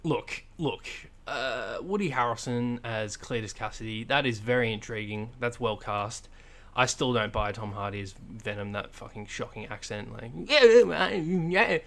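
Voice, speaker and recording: A man with a fairly low voice co-hosts a casual podcast chat. He talks in a blunt, dry, sarcastic way and swears freely. He rambles, often restarting his sentences and filling gaps with ums and likes. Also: steady tone, normal speed, fairly bright tone. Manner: rambling and hesitant, full of fillers and restarts. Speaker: podcast co-host.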